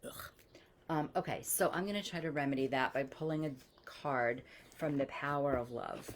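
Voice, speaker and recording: A woman with a deep, low-pitched voice speaks in a relaxed, unscripted monologue as a coach talking to her audience. She is blunt and candid and swears without hesitation. She brings her stories to life by acting out the people in them. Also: normal speed, a little hiss or hum. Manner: lively, animates quoted voices. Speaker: spiritual coach. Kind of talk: casual storytelling monologue.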